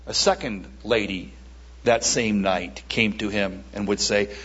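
Husky guy preaching slow at church, lots of pauses and repeats, kinda muffled lo-fi audio. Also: on the low side, steady tone, a bit bright. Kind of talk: sermon with an altar call. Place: church service.

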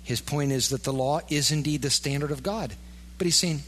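A male pastor preaches in an easygoing, talky way, slipping into the doubting voices of his listeners. His voice is bright and a little high, and it rings out with a long reverb in a church hall. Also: lively intonation, fairly quick. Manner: conversational, acts out imagined inner voices. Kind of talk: sermon.

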